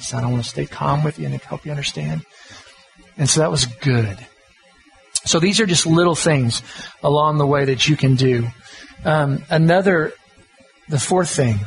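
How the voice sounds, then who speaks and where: Middle-aged pastor guy, slightly high voice, folksy chatty sermon. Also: low-quality recording. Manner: folksy, conversational, self-deprecating. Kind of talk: sermon on parenting.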